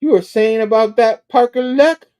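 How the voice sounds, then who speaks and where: A man's voice: very high voice, moderate pace, a little mellow, clean tone, pitched above the performer's own voice. Aunt May, a man voicing a teasing older aunt.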